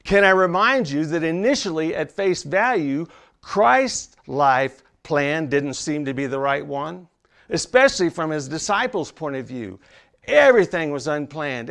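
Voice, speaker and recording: Male pastor, unhurried dramatic sermon delivery, gravelly timbre. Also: fairly high pitch, very animated, a bit bright. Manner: dramatic preaching, dropping to near whispers for emphasis.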